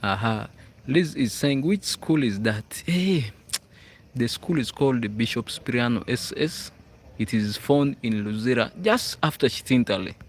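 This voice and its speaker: On school grounds at night, outdoors, a man from Uganda hosts a casual livestream chat, reading comments from viewers and often checking in with "hmm?" He speaks Ugandan-accented English in a mid-range voice at normal speed, with slight background noise.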